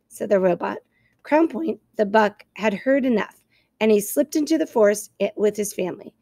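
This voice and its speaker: A woman teacher reading a children's novel aloud to her class, expressive and clear, stopping to explain. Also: mid-range voice, normal speed, no room sound, studio quality.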